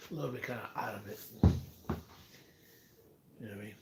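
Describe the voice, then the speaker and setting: A man's voice: lowish voice, fairly quick, gravelly, heavy background noise. Rambling, profane man chatting on a livestream. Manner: rambling, profane, talks to chat. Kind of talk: casual live-stream chat.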